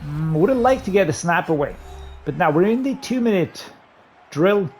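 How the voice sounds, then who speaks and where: A man giving running commentary while playing a football video game, excitedly talking through his play calls to himself. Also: sits high, normal speed, faint music behind. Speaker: gaming YouTuber. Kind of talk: live gameplay commentary.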